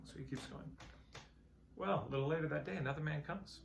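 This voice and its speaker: A man's voice: on the high side, animated, fast, gravelly, slight background noise. A man giving a reflective, conversational talk on marketing and change, musing aloud and telling parables. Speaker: marketing teacher.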